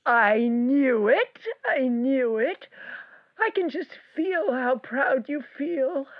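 A woman's voice: sits high, dry recording. A woman playing an overconfident psychic caller, insistent and mystical, over a dull phone line.

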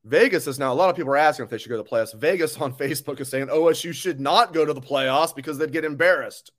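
A man's voice: on the high side, fast, fairly bright tone. A man hosting a live sports talk stream, ranting angrily and bluntly, with swearing, as he reads viewer comments. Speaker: sports show host.

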